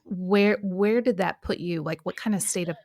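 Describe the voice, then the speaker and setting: Woman host, interviewer, encouraging, slightly low, dry recording. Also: moderate pace, a little mellow, no echo. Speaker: podcast host. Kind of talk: interviewing guests.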